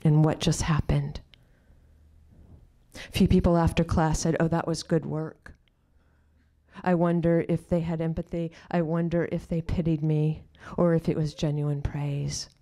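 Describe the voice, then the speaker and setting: A woman with a low voice tells a personal story on a live storytelling stage. She often sinks into hushed, near-whispered asides, then slows right down to deliver quoted questions. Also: level tone. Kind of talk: personal storytelling before an audience.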